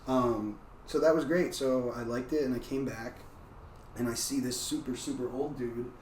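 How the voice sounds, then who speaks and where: A man's voice: mid-range voice, moderate pace. Chatty man, roomy distant sound. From United States. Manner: loose and animated, frequent "like" fillers. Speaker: guest, martial arts practitioner. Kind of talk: casual storytelling conversation. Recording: roomy, distant mic, faint background noise.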